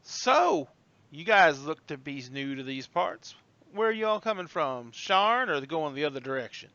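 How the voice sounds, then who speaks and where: A woman's voice: sits low, big pitch swings, measured pace, fairly bright tone, no echo, highs cut off, exaggerated voice. A man voicing a gregarious small-town tavern hostess with a put-on Southern drawl, folksy and teasing.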